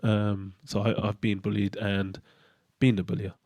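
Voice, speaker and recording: A man hosting his own channel, talking through a candid personal monologue in a halting way, often restarting as he searches for words. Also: on the low side, level tone, a little mellow, dry recording. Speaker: channel host.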